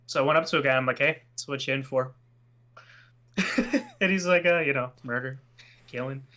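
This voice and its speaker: A young man co-hosting a podcast, telling gaming stories in a lively, casual way and acting out the voices in them. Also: mid-range voice, brisk. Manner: animated storyteller, acts out voices in his anecdotes. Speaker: podcast co-host. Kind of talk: casual chat.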